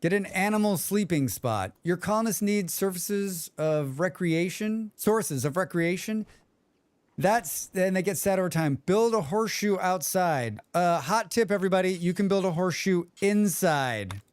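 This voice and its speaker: A man's voice: high voice, expressive, moderate pace, dry recording. A man streaming a game, chatting with his viewers in a joking, rambling way and humming to himself. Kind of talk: casual livestream chat.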